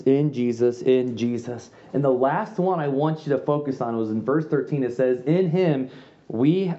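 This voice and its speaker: A man preaching a sermon to a youth gathering in a church room, casual and slangy with quick asides. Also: a little high, mellow, muffled recording. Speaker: youth pastor.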